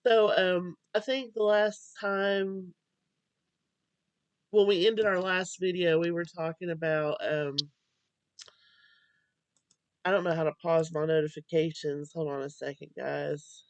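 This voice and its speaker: A young woman speaking slowly and hesitantly, sounding drowsy, hosting a casual home video chat. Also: fairly low pitch, fairly even intonation, dry recording, muffled recording. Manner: slow, hesitant, halting with many fillers. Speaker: vlog host.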